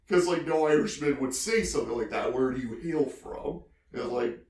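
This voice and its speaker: A man's voice: mid-range voice, moderate pace, darkish tone, echoey room. A man co-hosting a podcast, telling stories in a rambling, casual way full of filler phrases. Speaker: podcast co-host.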